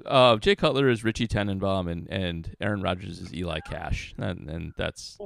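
Low gravelly podcast co-host man. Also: moderate pace, no echo. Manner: dry, opinionated analysis with frequent restarts. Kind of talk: casual sports podcast chat.

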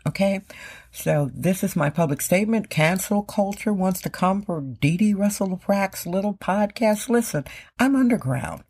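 A woman's voice: medium pitch, expressive, normal speed, darkish tone, husky. A middle-aged woman from Wisconsin hosting her own podcast, talking emphatically and repeating phrases for stress. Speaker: podcast host. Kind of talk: casual podcast monologue.

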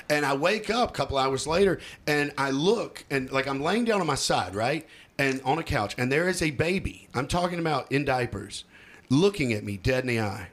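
A man telling a comic story as a podcast guest, animated and often laughing as he acts out the people in it. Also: mid-range voice, normal speed.

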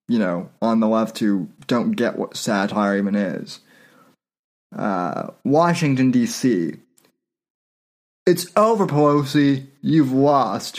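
A man hosting a podcast, reading satire aloud in casual commentary and often breaking into laughter. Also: mid-range voice. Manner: laughs while reading, loose and irreverent; frequent fillers and restarts. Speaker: podcast host.

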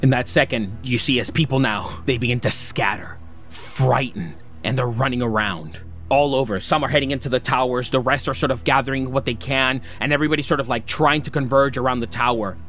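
A man narrating a tabletop game as game master, slowly describing the scene with many hedging "sort of"s. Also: mid-range voice, fairly bright tone, faint music behind.

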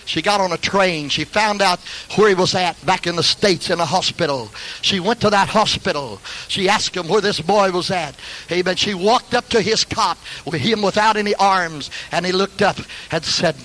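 An older man preaching a sermon as pastor, fervent, breaking into hallelujahs and shouted peaks. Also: high voice, normal speed, low-quality recording.

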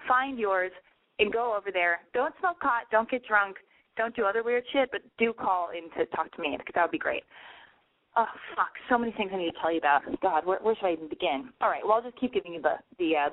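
A woman's voice: fairly low pitch, fast talker, dry recording. A young woman chats loosely through an amateur call-in advice show, swearing and teasing herself as she drifts off topic. Her voice is slightly nasal, and the sound is dry and thin, like a phone line. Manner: rambling, profane, self-mocking. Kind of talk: casual call-in radio monologue.

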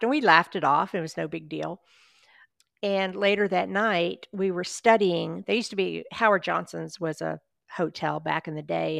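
A woman guest, a paranormal investigator, chatting in a relaxed interview and telling personal stories with easy laughs. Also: fairly low pitch, vocal fry, no echo, clean studio sound. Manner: chatty, anecdotal storyteller who laughs along. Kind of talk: casual storytelling interview.

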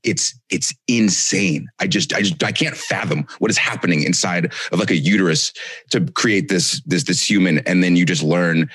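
A man's voice: low voice, moderate pace, fairly bright tone, slightly rough, no room sound. A man co-hosting a podcast, talking in a rambling, reflective way with many restarts. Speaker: podcast co-host. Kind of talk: casual chat.

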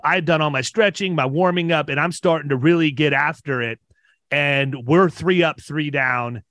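Energetic, higher-voiced man telling stories. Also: dry recording. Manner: energetic, repeats words, laughs often. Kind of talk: casual podcast storytelling.

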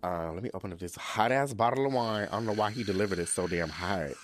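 A young male podcast host keeps up sassy, campy casual chat, cursing freely and swinging from low mumbles to high squeals. He talks fast, and the background is noisy.

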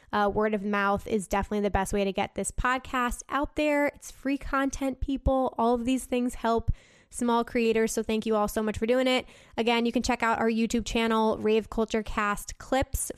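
A woman's voice: fairly high pitch, smooth, no echo, clean studio sound. A young woman hosting her own podcast, chatting casually and enthusiastically with frequent fillers. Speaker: podcast host. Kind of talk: casual solo podcast chat.

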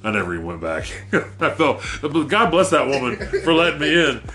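A man's voice: medium pitch, big pitch swings, a little fast, pushed and bright. A man casually telling a rambling, profane story in a chatty podcast, laughing as he goes.

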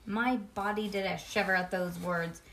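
A woman reading a children's storybook aloud to a child in an expressive, sing-song way. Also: mid-range voice, moderate pace. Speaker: reader.

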